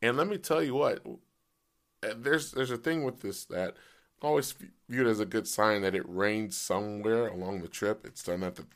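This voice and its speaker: A man hosting a casual solo podcast, his voice hoarse and cracking in and out, rambling with many fillers. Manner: pitch jumps as voice cracks. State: voice partly gone, hoarse. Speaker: podcast host.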